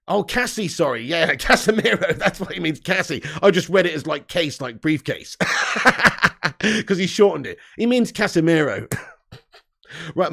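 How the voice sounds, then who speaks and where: A man's voice: a little high, very animated, measured pace, vocal fry, long pauses. A man hosting a casual live stream, reading out viewer comments and laughing often.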